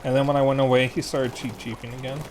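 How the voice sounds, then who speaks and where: A man streaming a game, chatting casually and telling animated stories between rounds. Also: mid-range voice, fast talker, a little hiss or hum. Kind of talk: casual gaming chat.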